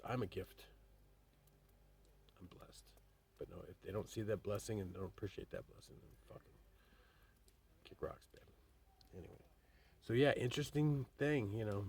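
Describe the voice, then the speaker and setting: A man's voice: lowish voice, a little mellow, husky. A man telling rambling, profanity-laced stories in a casual vlog, calling his listeners babe. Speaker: vlogger. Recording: distant mic with faint background noise.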